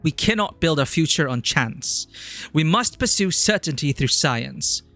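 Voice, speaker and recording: A man's voice: fairly high pitch, lively intonation, a little slow, sharp tone, faint music behind, full character voice. A man voicing a formal official who presents a giant mech program, reading in a put-on generic British accent with stiff, declamatory delivery. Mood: assuring.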